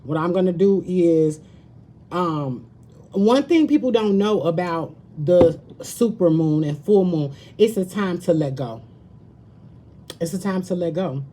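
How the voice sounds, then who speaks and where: A woman's voice: lowish voice, lively intonation, unhurried, mellow. A woman tarot reader chatting casually with her viewers on a live stream, slangy and talkative, calling them baby and girl. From Southern United States.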